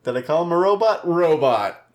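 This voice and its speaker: A man co-hosting a podcast in loose, joking banter. His voice sits a little high and moves around a lot in pitch. He talks playfully and swears freely. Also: expressive, moderate pace. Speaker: podcast co-host. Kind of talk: casual banter.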